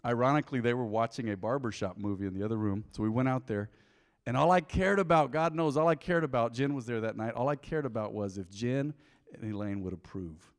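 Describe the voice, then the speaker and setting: A middle-aged man preaching a sermon in a church, telling candid stories from his own life and building to a loud, fervent prayer. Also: medium pitch, a little fast. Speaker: pastor. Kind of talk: sermon with personal testimony. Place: church sanctuary. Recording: long church hall reverb.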